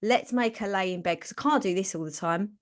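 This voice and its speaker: A woman's voice: medium pitch, a little fast, close to an everyday voice. A woman voicing her own adrenal glands as grumpy, fed-up characters who complain and exasperatedly plot to make her rest.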